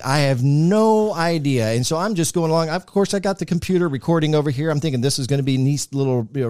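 Animated male podcast host, dry studio sound. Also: medium pitch, dry recording. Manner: animated, acts out quotes in a raised voice. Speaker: podcast host, former radio personality. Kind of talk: casual storytelling interview.

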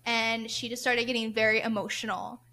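A young woman co-hosts a casual podcast, telling stories with excitement and frequent laughter. Her voice is high and very bright. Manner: excited, laughing often, quick storytelling. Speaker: podcast co-host. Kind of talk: casual chat.

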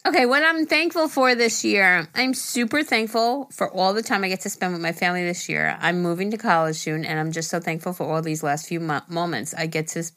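A woman's voice: on the low side, a little fast, hardly any pauses, fairly bright tone. A woman co-hosting a casual podcast who laughs easily and reads listener emails aloud with playful emphasis. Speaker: podcast co-host.

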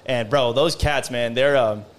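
A man's voice: mid-range voice, unhurried. A young man in casual podcast chat, telling stories in a loose, rambling way full of "bro" and "man". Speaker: guest creator.

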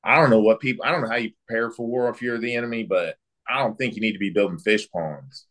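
A former military interrogator, interviewed as a guest, speaks in a lowish voice with a fairly bright tone. He tells a long story from his time in the job in brisk, anecdotal bursts, acting out the exchanges he quotes.

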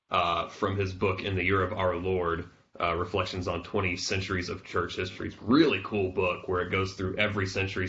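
A man with a very low but bright, forceful voice talks casually on a podcast. He works through his thoughts with fillers and restarts. The sound is a little dull and lo-fi. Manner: conversational, reads a quote aloud with fillers. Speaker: podcast co-host. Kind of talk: casual chat.

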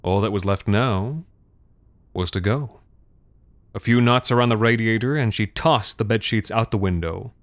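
A man's voice: on the low side, normal speed, no room sound. A man narrating a darkly comic story in a wry, theatrical manner. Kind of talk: scripted narration.

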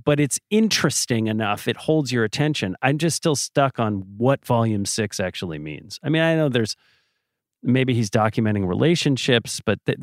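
A man's voice: medium pitch, no echo, clean studio sound. A man co-hosting a podcast, talking through songs in an easygoing, thoughtful way and asking questions. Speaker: podcast co-host. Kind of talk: casual music discussion.

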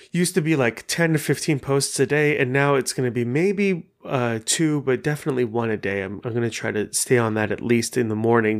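A young man hosting his own podcast, telling stories in an animated, profane, rambling way. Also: medium pitch. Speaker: podcast host. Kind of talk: casual monologue.

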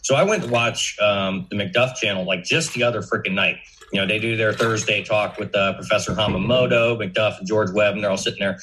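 A man with a low but bright, sharp-edged voice, holding forth as a podcast guest. He talks loosely and swears casually, padding his points with "you know" and "like" fillers. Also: a little fast, slight background noise, poor audio. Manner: chatty, profane, full of "you know" fillers.

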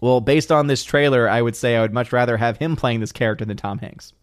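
A man's voice: medium pitch, fast, no echo, studio quality. A man hosting a live stream, reading viewer comments aloud and chatting about them, thinking aloud with restarts and small laughs. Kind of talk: casual live stream chat.

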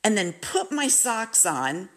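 A woman's voice: medium pitch, sing-song, takes it slowly. A woman vlogger telling a candid personal story, talking straight to her viewers. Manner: candid, confiding, addresses viewers directly.

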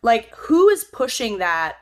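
A woman's voice: fairly high pitch, big pitch swings, takes it slowly. A young woman co-hosting a podcast, chatting casually in a wry, rambling, self-deprecating way with casual swearing. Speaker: podcast co-host. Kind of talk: casual chat.

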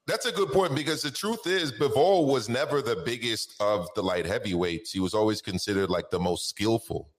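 A man's voice: on the low side, moderate pace, few pauses, reverberant. A man co-hosting a casual boxing talk show, stretching names out in a sing-song way for emphasis.

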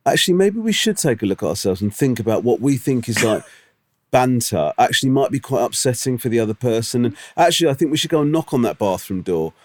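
A man's voice: mid-range voice, sing-song, fast. A man co-hosting a podcast in casual chat, swearing and stumbling over his words. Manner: chatty, swears, repeats words when starting sentences. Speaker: podcast co-host.

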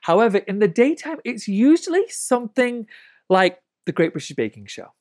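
A woman in her late thirties telling stories as an interview guest, animated, laughing often and swearing freely. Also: medium pitch, moderate pace. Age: late 30s. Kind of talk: casual storytelling.

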